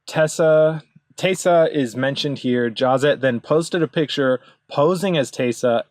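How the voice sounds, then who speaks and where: A man at a middle pitch rants in a rambling, insistent way, swearing often and circling back on his points. The sound is dry and close, with no room echo. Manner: rambling, profane, insistent, with many fillers. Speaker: video commentator. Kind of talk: ranting commentary over card images.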